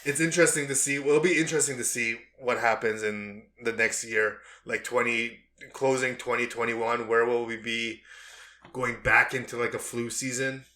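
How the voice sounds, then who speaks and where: Bright-voiced male podcast host. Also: medium pitch, moderate pace. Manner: animated storytelling, acts out quarrels. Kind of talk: casual chat.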